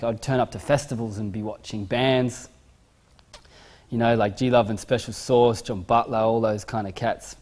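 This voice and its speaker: A man's voice: lowish voice, darkish tone. Laid-back young Australian man. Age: young adult. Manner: laid-back, rambling, many fillers and repeated words. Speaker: musician and surfer. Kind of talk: casual personal talk to camera.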